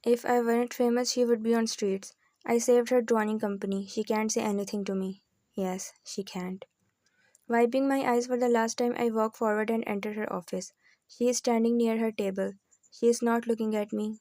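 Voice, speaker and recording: A woman narrates a novel in the first person with calm, even storytelling. Her voice sits fairly high, with a flat, mellow tone, recorded dry and close. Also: fairly quick, no echo. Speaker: audiobook narrator.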